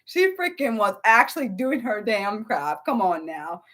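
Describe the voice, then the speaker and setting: Animated swearing woman streamer. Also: unhurried. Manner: animated, swears freely, rambles with restarts; jumps high in pitch for quoted outbursts. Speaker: livestream host. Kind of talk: casual unscripted livestream chat.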